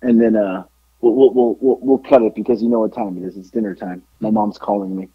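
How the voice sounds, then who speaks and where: A man telling wrestling stories in a casual podcast chat, profane, jumping into loud voices when quoting people. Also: medium pitch, brisk, creaky, husky, no echo, muffled recording. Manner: animated, profane, acts out quotes in raised voice. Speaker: podcast guest, former pro wrestler. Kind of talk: casual storytelling.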